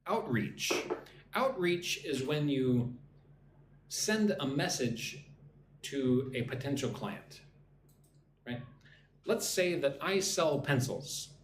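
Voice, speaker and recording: A sleepy man teaching English on a live stream, drilling phrases for listeners to repeat. His voice is fairly high and swings lively up and down, and he talks at an unhurried pace. The room sounds echoey, with faint noise behind him. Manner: drills phrases slowly, reads chat names aloud. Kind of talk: live-streamed pronunciation lesson.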